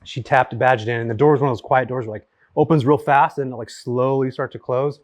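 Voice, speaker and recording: A man in his forties from California tells stories in a relaxed, chatty way, piling up fillers as he goes. He talks very fast at a mid pitch. The sound is dry and close. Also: dry recording. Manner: rapid, animated storyteller with many fillers. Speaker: guest, real estate investor. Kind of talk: casual storytelling chat. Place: his home.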